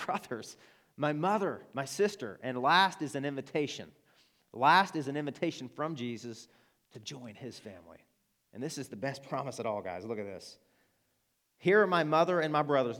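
A man with an Arkansas accent preaching a sermon to his church, earnest and emphatic, building to passionate appeals. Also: medium pitch. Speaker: pastor.

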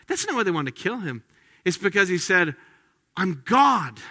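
A man preaching a sermon as pastor, animated, acting out quoted lines in lively voices. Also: medium pitch. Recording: long hall reverb.

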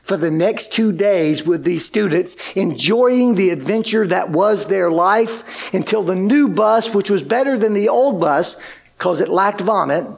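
High-voiced animated preacher man. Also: measured pace, gravelly. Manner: animated, acts out quoted speech. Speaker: pastor. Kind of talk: sermon storytelling.

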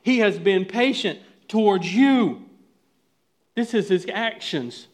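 Fervent preaching man, hushed to loud. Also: sits high, expressive, takes it slowly. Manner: preaching with swings from hushed to loud, pleading questions. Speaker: pastor. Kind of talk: sermon.

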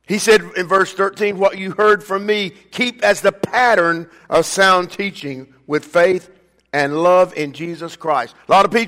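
Older male preacher, high voice, echoing hall. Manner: preaching with call-and-response, swinging between loud emphatic bursts and quiet asides. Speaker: pastor. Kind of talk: sermon. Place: church sanctuary. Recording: long reverb of a church hall.

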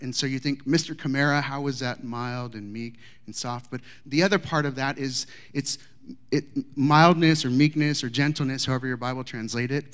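A middle-aged man giving a sermon, telling a story and moving between quiet asides and raised, emphatic lines. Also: a little high. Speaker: pastor.

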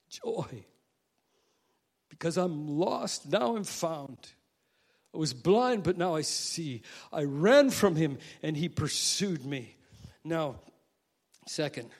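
A male pastor preaching a sermon, swinging from quiet asides to loud, emphatic quoted prayers. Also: on the high side.

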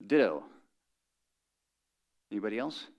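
A man's voice: fairly low pitch, big pitch swings, measured pace, a little mellow, highs cut off. A middle-aged man preaching a sermon as pastor, conversational and joking with the congregation.

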